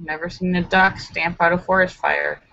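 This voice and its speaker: A woman's voice: lowish voice, fairly even intonation, normal speed, gravelly, pushed and bright, lo-fi sound. A woman hosting a live stream, reading jokes aloud with playful comic asides. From United States.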